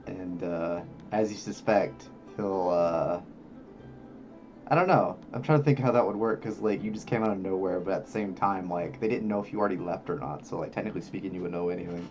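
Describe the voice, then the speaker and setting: A man's voice: deep voice, brisk, a little mellow, highs cut off, soft background music. A man narrating as game master, loose and hesitant, full of filler words.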